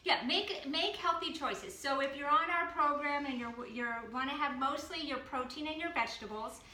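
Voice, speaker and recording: A woman from the Boston area hosting a casual cooking demo and giving relaxed healthy-eating advice with frequent ums. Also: high voice, normal speed, roomy sound. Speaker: health program host.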